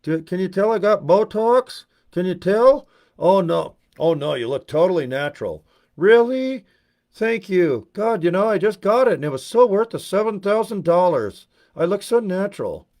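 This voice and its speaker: A man voicing a vain woman gushing about her Botox, in a high put-on voice. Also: expressive, moderate pace, a little mellow.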